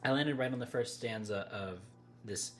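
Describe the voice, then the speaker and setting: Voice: mid-range voice, moderate pace, soft background music. A livestream host chatting casually with viewers, rambling, breaking off mid-thought and laughing often.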